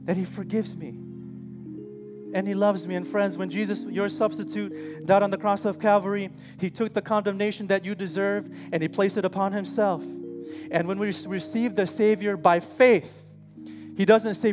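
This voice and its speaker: A male preacher in his forties delivers an emphatic, heartfelt sermon with a notably high voice. His words carry a long reverb off the church walls. Soft music plays faintly underneath. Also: steady tone, normal speed. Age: 40s. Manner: impassioned, emphatic, addresses listeners as friends. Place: church sanctuary.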